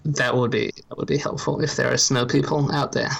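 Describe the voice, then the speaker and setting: A man's voice: mid-range voice, flat delivery, a little fast, vocal fry, breathy edge. A man from Ireland co-hosting a podcast in casual chat, dry and self-deprecating, reading a long story aloud. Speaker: podcast co-host.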